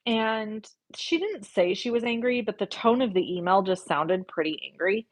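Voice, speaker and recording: Here a woman speaks in a mid-range voice at normal speed, animated and barely pausing, with background noise audible. She's running a live card-making stream, chatting with her audience as she works, reading out their comments and cussing now and then.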